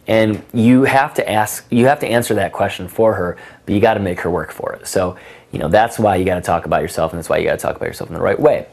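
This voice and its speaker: A young adult man works as a dating coach, giving instructional talk in a conversational, emphatic style peppered with casual fillers. His voice is deep and gravelly, and he talks fast.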